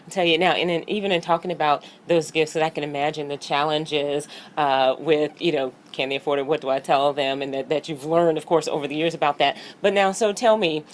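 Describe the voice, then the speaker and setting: Interview host, supportive, mid-pitched, faint background hiss. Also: steady tone, a little fast, few pauses. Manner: supportive, brief encouraging replies.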